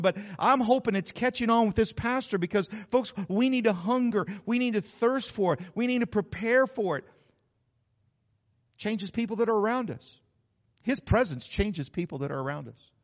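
A man's voice: sits high, expressive, normal speed, in a large hall, lo-fi sound. An older man, preaching a sermon as pastor in an emphatic, repetitive, folksy way. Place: church.

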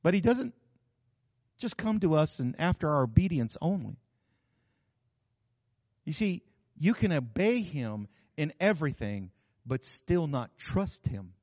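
A man's voice: a little high, big pitch swings, unhurried, long pauses, a little mellow, no room sound, muffled recording. A man preaching a sermon in a folksy, joking way. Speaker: pastor.

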